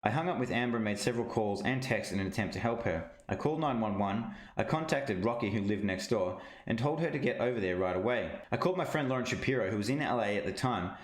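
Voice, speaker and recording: A man reading a first-person witness statement aloud in a steady, measured way. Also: fairly low pitch, reverberant.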